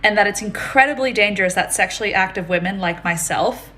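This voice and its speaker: A woman telling a personal story to camera in a loud, indignant way. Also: mid-range voice, a little fast.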